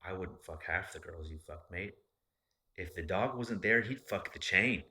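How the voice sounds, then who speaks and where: A man playing a blunt, crude Australian father, with a crude, deadpan delivery. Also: low-pitched, unhurried, full character voice.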